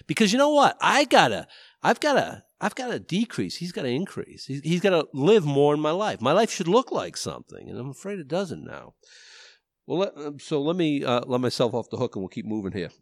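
Man, Bible study teacher, rambling, self-deprecating, slightly high voice, dry recording. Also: very animated, a little fast, dry recording. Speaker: pastor.

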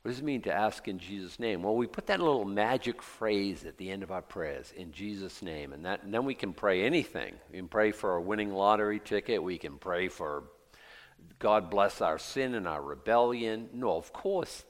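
A man preaching an expository sermon as pastor, animated and self-mocking, now and then acting out the voices he quotes. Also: on the low side. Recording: long hall reverb.

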